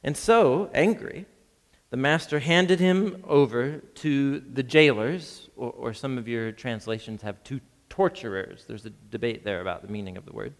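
A man preaching a sermon as a pastor, lively and chuckling, acting out the voices in the scripture reading. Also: medium pitch, normal speed, hardly any pauses, in a large hall. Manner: lively, reads scripture with acted voices, laughs often.

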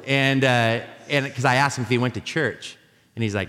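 A man preaching a sermon as a pastor, telling animated, jokey stories with many restarts. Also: medium pitch, moderate pace, long pauses. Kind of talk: sermon with storytelling. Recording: live sermon in a reverberant hall.

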